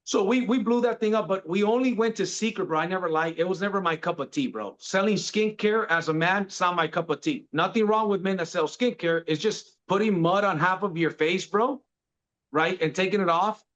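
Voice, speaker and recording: A man's voice: high-pitched, brisk, fairly bright tone. A man in his forties telling his career story in a laid-back way, calling the listener bro. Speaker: podcast guest. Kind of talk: casual storytelling. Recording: dull lo-fi sound.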